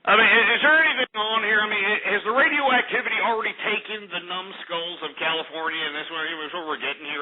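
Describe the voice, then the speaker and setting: A man's voice: high-pitched, quick pace, hardly any pauses, slight background noise. A man hosting a call-in radio show, ranting and hurling insults at callers. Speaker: radio talk show host. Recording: lo-fi phone-like radio audio.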